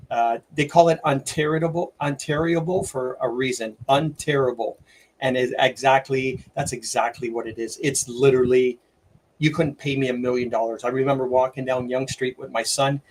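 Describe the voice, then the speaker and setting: A middle-aged man, hosting a livestream and ranting excitedly, with lots of stumbles and restarts. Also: mid-range voice, moderate pace. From Canada. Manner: excitable, rambling rant with many restarts. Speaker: livestream host. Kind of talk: opinionated livestream commentary.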